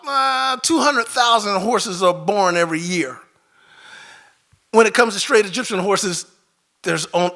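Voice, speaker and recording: A man with a high, bright, gravelly voice tells a personal story live on stage. He is animated and laughs through the tale, his pitch swinging widely.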